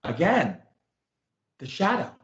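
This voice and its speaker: A man teaching through a story, animated and emphatic, repeating himself and leaning on fillers. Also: a little high, slow pace. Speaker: spiritual teacher, show host. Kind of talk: storytelling lesson. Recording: echoey room, dull sound.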